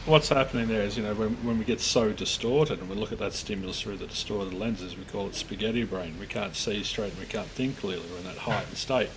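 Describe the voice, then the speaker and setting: A man co-hosting a podcast in casual chat, animated and swearing, acting out the voices he quotes. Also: lowish voice, a little fast, hardly any pauses, noisy background. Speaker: podcast co-host.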